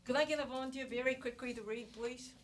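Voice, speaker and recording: A woman's voice: sits high, fairly even intonation, quick pace. Woman teacher, classroom lecture, heard from a distance, noisy recording with clicks, explains patiently. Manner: explains step by step with rhetorical questions. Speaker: economics instructor. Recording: distant mic with noise and clicks.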